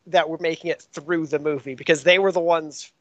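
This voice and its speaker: Earnest, methodical male co-host with a high voice and dry sound. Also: fairly even intonation, a little fast, a bit bright, no room sound, poor audio. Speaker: podcast co-host. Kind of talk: casual movie review chat.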